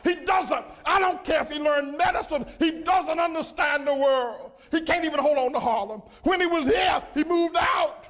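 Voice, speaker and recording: An older pastor preaches at a shout, his voice pitched very high. He scolds his listeners over and over with the same sharp questions. It is a fiery sermon delivered at full volume. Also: normal speed, few pauses.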